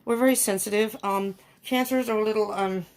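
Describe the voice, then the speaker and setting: A middle-aged woman talks through a tarot reading at an easy, chatty pace. She thinks aloud as she goes, fills pauses with ums and breaks into frequent small laughs. Her voice sits at an ordinary middle pitch. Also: steady tone, darkish tone. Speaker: tarot reader. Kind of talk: casual tarot reading to camera.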